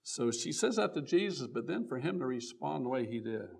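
A man preaching a sermon, reading old-style scripture aloud and stopping often to restart, his voice swelling on key words and then dropping low and quiet. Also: expressive, a little fast, creaky. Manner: reads scripture aloud in King James wording with frequent restarts.

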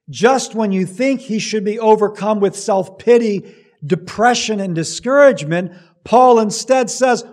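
Emphatic male preacher, slightly high voice. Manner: emphatic preaching with dramatic swells and drops in volume. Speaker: pastor. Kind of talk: sermon.

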